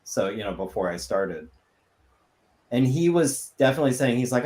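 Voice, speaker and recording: A man's voice: medium pitch, very animated, normal speed, darkish tone. Guy rambling casually on a stream, mid voice, echoey room. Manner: rambling, thinks aloud with many likes. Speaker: livestream host. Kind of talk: casual chat.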